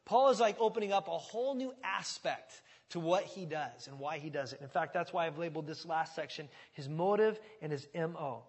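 A man preaching an expository sermon in an animated, conversational and emphatic way. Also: on the high side, fairly quick, few pauses, husky, long reverb tail. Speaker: pastor.

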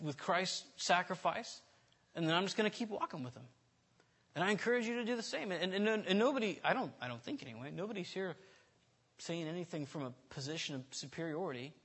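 A man delivers a relaxed, conversational sermon with a slightly raised, husky voice. His tone is bright and forward. He is candid and self-deprecating, often restarting mid-sentence. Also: fairly high pitch. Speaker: preacher. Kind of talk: informal sermon.

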